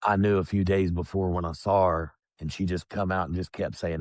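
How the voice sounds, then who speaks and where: A man with a very low voice tells his story as a guest on a podcast. He talks in a plain, calm and reflective way. His voice sounds dry and close, with no room sound around it. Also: brisk, no room sound. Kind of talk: candid personal storytelling.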